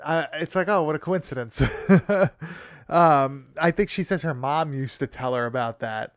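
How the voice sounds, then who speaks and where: Young guy, smooth clear voice, loose profane movie-recap chatter, dry close mic. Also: fairly high pitch, unhurried, no echo. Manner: profane, laughing, rambling recap full of fillers. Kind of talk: casual movie recap chat.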